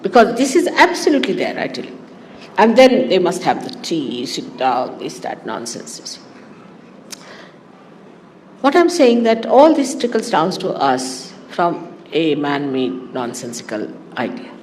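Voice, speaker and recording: A woman's voice: lowish voice, a little slow, a little hiss or hum. Teasing woman lecturing in a reverberant hall. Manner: animated and teasing, laughs often. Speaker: spiritual teacher. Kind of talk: spiritual talk to followers.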